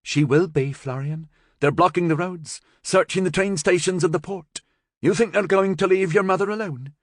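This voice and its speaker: A man's voice: sits high, moderate pace, no room sound, studio quality, pitched above the performer's own voice. A man voicing a firm, prying middle-aged aunt who asks insistent, scolding questions in a raised voice. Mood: worried.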